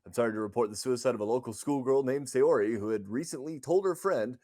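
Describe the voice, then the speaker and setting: A man puts on a grave TV news anchor, delivering a spoof bulletin in a measured, formal broadcast cadence. The read is steady and over-serious, a parody newscast. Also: medium pitch, natural voice. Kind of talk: mock newscast.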